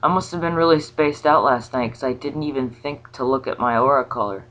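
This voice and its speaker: A woman talking casually about a spiritual ritual, rambling and halting with many restarts. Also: extremely low pitch, a bit bright. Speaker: vlogger. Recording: slightly dull lo-fi sound.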